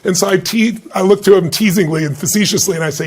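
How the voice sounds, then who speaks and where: This middle-aged man, a motivational speaker, talks fast with few pauses in a fairly high, husky voice. In an interview, he tells animated stories and acts out the voices of those he quotes.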